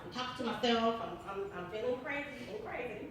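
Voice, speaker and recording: A woman author, interviewed as a guest, tells a personal story briskly and with few pauses, earnest and emphatic, circling back over the same phrases informally. Her middle-pitched voice is picked up by a distant mic. A big, ringing room echo surrounds every word, with slight background noise.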